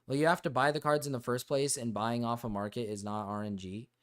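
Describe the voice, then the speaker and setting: Young guy streamer rambling and cussing, restarts his sentences a lot, medium pitched voice. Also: steady tone, brisk. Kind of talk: casual stream chat.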